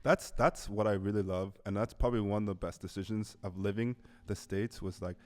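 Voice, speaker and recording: Low-voiced animated man telling stories. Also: a little fast. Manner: animated storyteller, acts out voices, goes on tangents; laughs often. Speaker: podcast host. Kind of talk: casual chat.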